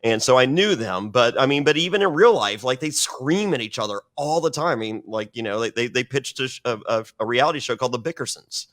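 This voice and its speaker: Brief: man guest, swears freely, rambling anecdote full of restarts, mid-pitched everyday voice. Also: lively intonation, a little fast, hardly any pauses, a bit bright. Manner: profane, rambling with many restarts. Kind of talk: casual storytelling interview.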